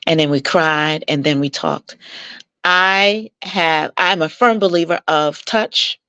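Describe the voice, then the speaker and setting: A woman coaching couples, telling stories from her work in an animated, persuasive way and acting out the voices of the people she quotes. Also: takes it slowly, smooth, dry recording, dull audio. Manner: animated, acts out quoted dialogue with jumps in pitch; warm, persuasive, mentoring tone. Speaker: marital coach, interview guest. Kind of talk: conversational storytelling.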